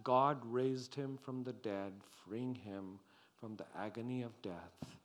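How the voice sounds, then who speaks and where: A male preacher delivering a sermon at an unhurried, deliberate pace. His voice sits at an ordinary middle pitch, and he swings between loud, emphatic declarations and soft, hushed asides.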